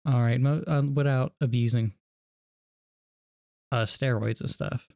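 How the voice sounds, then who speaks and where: A man ranting in blunt casual chat, swearing freely, with a mellow, dark tone. The sound is dry and close. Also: mid-range voice, steady tone, a little slow, vocal fry, dry recording.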